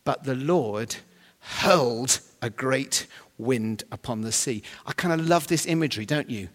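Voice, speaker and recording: A man's voice: medium pitch, unhurried. Man preaching in a reverberant hall. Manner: humorous, animated storytelling with sudden loud emphasis. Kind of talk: sermon.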